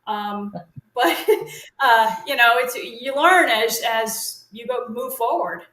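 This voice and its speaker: Speaking slowly, a middle-aged woman guest tells long, casual stories full of fillers and restarts, drawing on her work as a parrot consultant. Her voice is a little high with a sharp tone. Poor audio and a roomy sound mark the clip.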